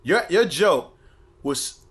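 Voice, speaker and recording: A man's voice: fairly high pitch, animated, takes it slowly, fairly bright tone, slightly rough. A middle-aged man guesting on a comedy podcast, riffing crude stories and jokes. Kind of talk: casual comedic podcast chat.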